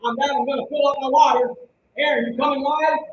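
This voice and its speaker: A man hosting a live stream like a fervent sermon, shouting and firing rhetorical questions at his viewers. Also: extremely high pitch, fairly even intonation, quick pace, reverberant, muffled recording, a little hiss or hum. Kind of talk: fiery preacher-style live stream.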